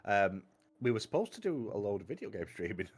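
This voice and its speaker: A man's voice: fairly low pitch, sing-song, brisk, husky. A man chatting casually as a book channel host, rambling and wry, cutting himself off mid-sentence. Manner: rambling, self-interrupting, wry. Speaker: booktube host. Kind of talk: casual chat.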